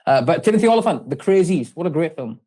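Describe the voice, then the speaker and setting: A man's voice: fairly high pitch, sing-song, fast, mellow. Rambling man on a podcast. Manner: rambling, hesitant, with frequent fillers and laughs. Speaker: podcast co-host. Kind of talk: casual chat.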